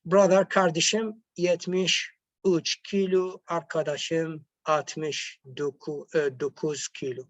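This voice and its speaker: Slow, careful male language teacher. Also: a little high, level tone, a bit bright, no room sound. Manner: hesitant, with frequent pauses and self-corrections; switches back and forth between two languages. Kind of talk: slow classroom explanation. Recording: dull, lo-fi, dry recording.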